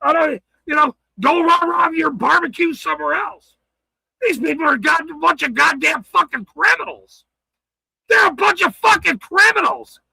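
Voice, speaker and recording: An angry man ranting on his livestream, swearing hard, stammering and shouting. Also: very high-pitched, animated, normal speed, gravelly, dry recording, rough recording. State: furious.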